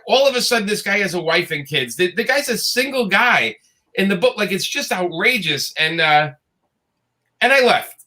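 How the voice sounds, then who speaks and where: A man's voice: sits high, normal speed. A middle-aged man, a guest comics creator, telling a casual story and acting out the dialogue in it. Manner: animated, acts out quoted dialogue.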